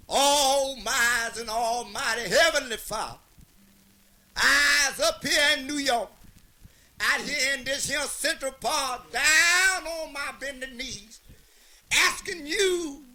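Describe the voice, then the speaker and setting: A man's voice: extremely high pitch, takes it slowly, sharp tone, pitched above the performer's own voice, heavily acted. A man voicing an earnest older Southern preacher who prays and pleads in a preachy cadence. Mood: praying.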